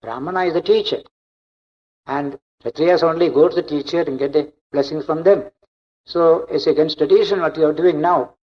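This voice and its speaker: Monk lecturer, slightly high voice, dull old lo-fi recording. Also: male voice, normal speed. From India. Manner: explanatory, repetitive, emphatic. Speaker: monk giving a spiritual discourse. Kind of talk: spiritual lecture.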